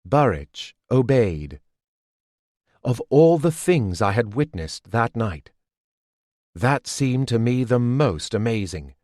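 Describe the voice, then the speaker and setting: A man reading a fantasy audiobook as scripted narration, in a measured, deliberate way. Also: medium pitch, sing-song, a little mellow, dry recording, clean studio sound.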